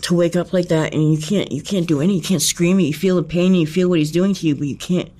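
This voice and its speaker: A man's voice: on the high side, steady tone, dark tone. Cursing man telling a harrowing story. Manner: profane, halting, with frequent restarts and fillers; intense, emphatic repetition. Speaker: interviewee. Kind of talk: recounting a personal ordeal in conversation.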